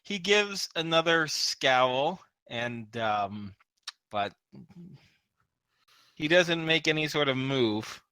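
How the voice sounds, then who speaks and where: A man narrating as game master in a casual tabletop session, animated and often laughing. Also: fairly high pitch, slow, pauses often, clean tone, no room sound. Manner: animated, laughing, loose with fillers.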